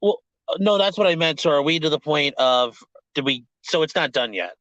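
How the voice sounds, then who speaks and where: A man joins the stream as a call-in guest and talks in a loose, halting way, stumbling over his words. His voice comes through muffled and lo-fi, with a dead-dry sound and no room around it. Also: on the high side, animated, fairly bright tone, no room sound. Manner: hesitant, stumbling casual speech. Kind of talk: casual chat. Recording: dull, dry, lo-fi call audio.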